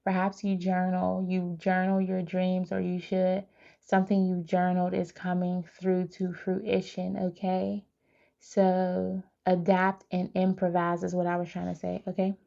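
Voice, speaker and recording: Woman psychic reader, gravelly and flat, chatty direct-to-viewer delivery. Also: lowish voice, a little slow, lo-fi sound. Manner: chatty, animated, talks straight to viewers. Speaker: tarot reader. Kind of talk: live psychic reading.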